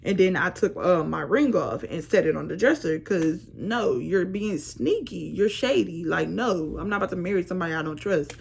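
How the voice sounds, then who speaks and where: A young woman casually telling a storytime vlog with animated, slangy phrasing. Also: lowish voice, normal speed, gravelly, hardly any pauses, slight background noise. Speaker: vlogger.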